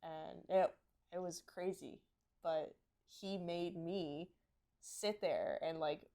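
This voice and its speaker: A woman co-hosts a casual podcast chat about horses. Her voice sits a little on the low side. She tells personal stories in a heartfelt, openly emotional way. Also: steady tone, slow pace, warm tone. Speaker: podcast co-host.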